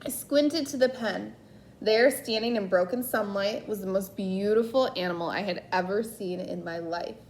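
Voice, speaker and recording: A woman reads a children's story aloud at an easy, unhurried pace, now and then stumbling and correcting herself. Her voice sits at an ordinary pitch, and the room around her echoes noticeably. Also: a little mellow, slight background noise. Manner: unhurried reading with slips and self-corrections. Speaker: reader. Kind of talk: reading a children's novel aloud.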